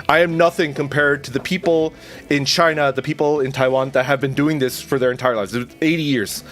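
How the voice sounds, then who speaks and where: Man, VTuber stream chat, rambling, self-deprecating, mid-pitched voice, faint music behind. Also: a bit bright. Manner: rambling, self-deprecating, repeats and restarts often; chats with viewers, reads out their names. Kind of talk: casual live-stream chat.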